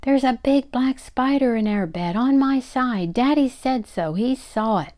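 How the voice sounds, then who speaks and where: A woman voicing a shrill, squealing, quarrelsome mother in a storybook read-aloud. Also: animated, a little slow, gravelly. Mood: squealing panic. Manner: squealing and yelling.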